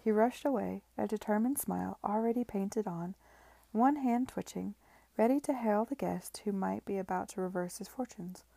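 A woman reads a novel aloud in a measured, expressive storytelling voice. Her tone is warm and mellow with a gravelly texture, and the recording is close and dry. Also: medium pitch, no echo. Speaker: reader.

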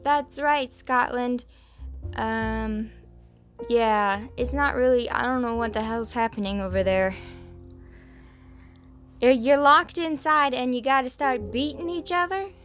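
A woman's voice: fairly high pitch, slow, pauses often, a bit bright, faint music behind. A young woman hosting a podcast, rambling through the news in a casual, swearing, filler-heavy way. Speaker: podcast host.

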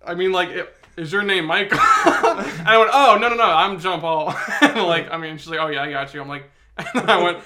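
High-voiced young man laughing through stories. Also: brisk, a crowd in the background. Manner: laughs often while telling stories. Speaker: podcast co-host. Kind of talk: casual chat.

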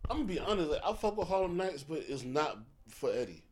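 A young man co-hosting a podcast, talking in animated, slangy banter and laughing often. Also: a little high, fast, breathy edge. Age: young adult. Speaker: podcast co-host. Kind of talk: casual chat.

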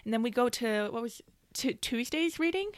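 A young woman co-hosting a casual faith podcast, talking in an animated way and laughing often. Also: fairly high pitch, moderate pace, clear, resonant tone, no echo. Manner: animated, laughs often, retells with mimicking voices. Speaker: podcast co-host.

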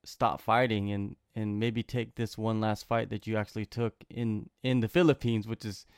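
A man interviewing a guest, casually and haltingly setting up a question. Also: lowish voice, level tone, smooth, dry recording, clean studio sound.

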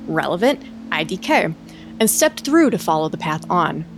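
A young woman co-hosting a casual podcast. She reads a spooky tale aloud, drops into a hushed voice, and swears casually. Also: fairly low pitch, sing-song, normal speed, faint music behind. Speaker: podcast co-host. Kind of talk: casual chat, reading a story aloud.

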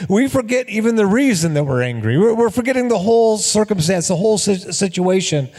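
A man preaching to his congregation with a high, bright-pitched voice. He tells stories with energy and acts out the quoted lines. His voice rings with the long reverb of a large hall. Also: brisk. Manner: energetic storytelling with acted-out quotes. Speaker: pastor. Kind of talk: sermon.

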